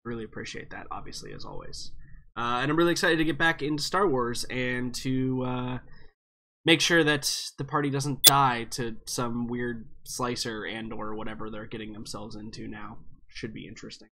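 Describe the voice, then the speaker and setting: A man's voice: medium pitch, normal speed, bright, forceful tone. A man with a nasal voice hosting a tabletop game stream as game master, chatty and upbeat with lots of fillers. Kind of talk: casual stream chat.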